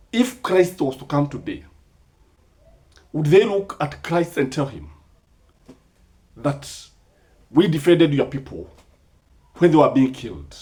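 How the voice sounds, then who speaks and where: Kenyan man, impassioned commentator, slightly high voice, rhetorical questions. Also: a little mellow. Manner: rhetorical questions, emphatic, mixes in Swahili sayings.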